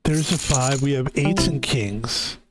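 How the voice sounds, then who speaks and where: A man with a mid-range voice streams a game at a measured pace, chatting casually in a tired, rambling way full of fillers. Game music plays, and the background is noisy.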